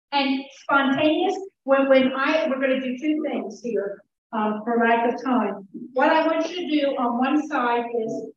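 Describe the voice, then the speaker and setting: A woman speaker teaches from a church platform and tells her story in an earnest, halting way. Her voice sits a little high. It reaches the mic from a distance, sounding dull and booming around a very reverberant sanctuary. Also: slight background noise. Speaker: conference speaker. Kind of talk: sermon-style teaching with a story.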